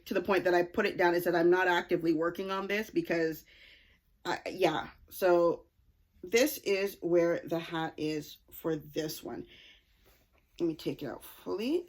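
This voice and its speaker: A woman hosting a knitting podcast, chatting cheerfully and correcting herself as she shows her projects to the camera. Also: on the low side. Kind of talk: casual chat showing knitting projects.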